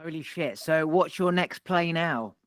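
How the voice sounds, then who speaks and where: A man's voice: fairly high pitch, a little slow, dry recording. A man hosting a podcast, reacting briefly and asking his guest what comes next. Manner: brief reactions and follow-up questions. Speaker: podcast host.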